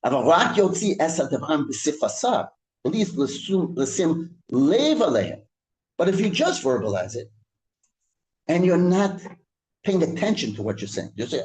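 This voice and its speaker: A rabbi gives a Torah class in an echoey room. His voice sits fairly high and moves around a lot. He reads Hebrew lines quickly, then explains them in English, circling back and repeating himself as he goes. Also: sing-song, a little mellow. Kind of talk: Torah class, reading Hebrew text and translating. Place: synagogue room.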